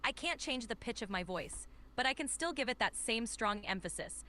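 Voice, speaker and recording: A synthetic woman's voice acting as an AI voice assistant, polite, upbeat and accommodating, answering requests with cheerful replies and stretched shouted vowels. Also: fairly high pitch, animated, normal speed, slight background noise.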